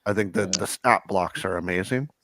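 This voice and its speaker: A man's voice: low voice, moderate pace, fairly bright tone, dry recording. A man commentating a tabletop wargame, explaining tactics as he thinks aloud.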